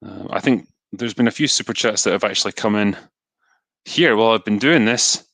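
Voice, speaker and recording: A man's voice: on the low side, fairly quick, no echo. Scottish man chatting on livestream. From Scotland. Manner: relaxed, chatty, frequent ums and asides. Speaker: livestream host reading donations. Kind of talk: casual live stream chat.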